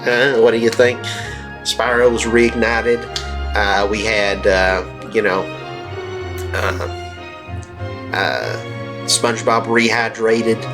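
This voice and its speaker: Over faint game music, a man hosting a let's play talks slowly with a fairly low, fairly even voice and long pauses. His casual gameplay commentary rambles and jokes, packed with fillers.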